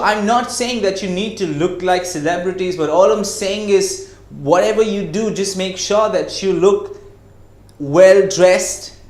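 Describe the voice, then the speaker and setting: Emphatic male trainer in an echoey room. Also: high voice. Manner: emphatic, slows to stress words, asks rhetorical questions. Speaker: communication skills trainer. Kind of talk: classroom-style lecture.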